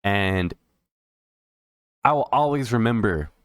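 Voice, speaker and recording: A man hosting a solo political commentary show, talking in an indignant, halting way with many restarts and repeated words, and audibly emotional, close to tears. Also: lowish voice, animated, smooth, no echo.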